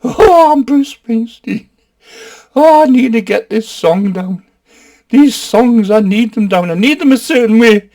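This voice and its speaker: A man with a Geordie accent putting on a whining, self-pitying male rock star, higher and louder than his own voice. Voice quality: whining, high and loud.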